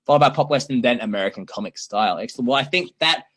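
A man's voice: mid-range voice, very fast. A man from Australia in his thirties, hosting a casual livestream chat with jokey, playful asides. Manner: animated, jokey, playful broken-English bits. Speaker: livestream host.

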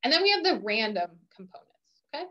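A woman lecturer explaining course material in a recorded university lecture, filling pauses with "um" and checking in with "right?". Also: fairly high pitch, big pitch swings, pushed and bright. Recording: dull lo-fi lecture audio.

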